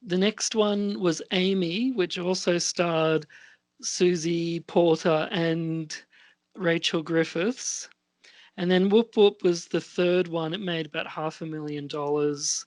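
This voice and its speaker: A male podcast co-host speaks slowly in a loose, rambling film chat. He hesitates often, drifting between "um" and "like" as he builds his point. The sound is dry and close, with no room around it. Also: on the high side, steady tone, no room sound. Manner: rambling, hesitant, many fillers and restarts.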